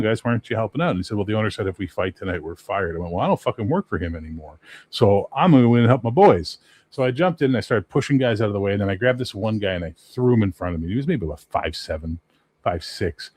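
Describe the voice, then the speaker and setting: A man's voice: lowish voice, quick pace, no room sound. Podcast guest: Canadian man, fifties, salty storyteller, dry close sound. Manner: profane, animated storyteller. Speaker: podcast guest, game master. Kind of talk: casual chat.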